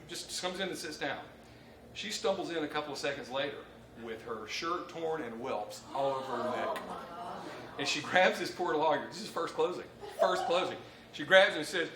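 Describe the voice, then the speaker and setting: A Southern man in his fifties tells stories in a folksy, animated way while leading a training session, and his voice sits a little on the higher side. The sound is roomy and distant, with steady ambient noise in the room. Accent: Southern American. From Alabama, USA. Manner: folksy, animated storyteller, laughing often. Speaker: mortgage lender, presenter. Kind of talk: live training presentation with anecdote. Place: conference room with live audience.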